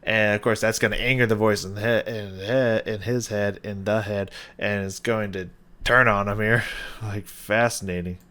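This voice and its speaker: Excitable man reacting with lots of swearing. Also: fairly low pitch, normal speed. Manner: excitable, swears often, laughs between thoughts. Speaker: reaction video host. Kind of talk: casual reaction commentary.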